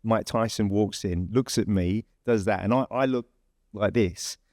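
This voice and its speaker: An English man with a fairly low voice tells a story in a loose, conversational way. He restarts sentences and leans on fillers as he goes. The sound is close and dry. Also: measured pace, darkish tone, no room sound. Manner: chatty, rambling storyteller with many fillers and restarts. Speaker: podcast host. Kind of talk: casual anecdote telling.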